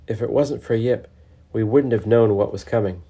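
Guy reading as a thoughtful squirrel hero, earnest, soft and mellow. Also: lowish voice, moderate pace, husky.

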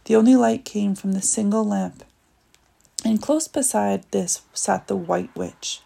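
A woman narrating a children's fantasy storybook aloud in a measured, expressive way. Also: mid-range voice, creaky.

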